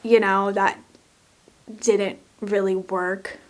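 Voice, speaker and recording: A woman's voice: mid-range voice, flat delivery, slow, soft background music. A young adult woman vlogger telling a personal story in a candid, profane, emotional way. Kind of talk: storytime vlog.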